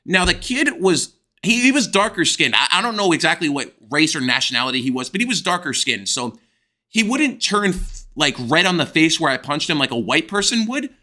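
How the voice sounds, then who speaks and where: Bright, brash young man telling a story. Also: fairly high pitch, brisk. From United States. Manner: crude, swearing, excitable. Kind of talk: animated storytime vlog.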